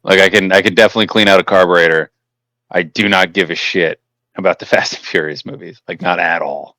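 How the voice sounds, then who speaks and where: A young man with a very deep voice co-hosts a podcast in relaxed, foul-mouthed chat. He laughs through his stories. The sound is dry and close to the mic. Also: brisk, no echo. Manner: profane, laughing storyteller. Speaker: podcast co-host. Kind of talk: casual chat.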